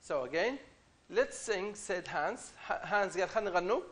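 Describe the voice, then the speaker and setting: High-voiced teacher. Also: male voice, animated, very fast, a bit bright, breathy edge. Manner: reads the story aloud with emphatic, raised delivery; explains words patiently, repeating phrases. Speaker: English teacher. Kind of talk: classroom lesson explaining a reader story.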